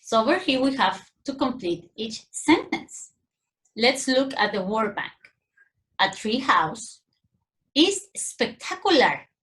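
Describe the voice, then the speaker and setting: Slow, sing-song Mexican teacher woman. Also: a little high, a bit bright. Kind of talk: recorded grammar lesson for young children.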